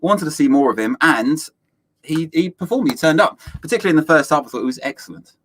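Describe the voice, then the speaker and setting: A man's voice: fairly high pitch, animated, fast talker, fairly bright tone, slight background noise. A man co-hosting a casual football chat, slipping in dry joking asides. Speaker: football podcast co-host. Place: indoors, seated next to co-host. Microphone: shared new microphone.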